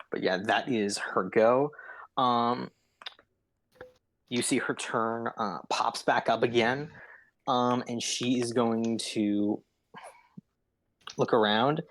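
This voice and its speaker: Male game master, slow and halting delivery, dry close sound. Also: mid-range voice, fairly bright tone, no echo. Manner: unhurried, with frequent ums and uhs. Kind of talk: narrating a tabletop game.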